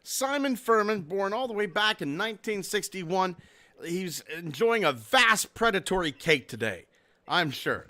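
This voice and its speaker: A man hosts a casual podcast, laughing and swearing as he chats with his guests. His voice sits high and has a sharp tone, with a sing-song quality and a measured pace.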